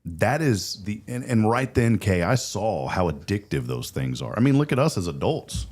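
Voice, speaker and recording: A deep-voiced man hosts a casual morning talk show. He talks in an earnest, chatty way and often doubles up words as he gets going. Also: very animated, normal speed, a little mellow. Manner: earnest, chatty, repeats words when starting sentences. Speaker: host.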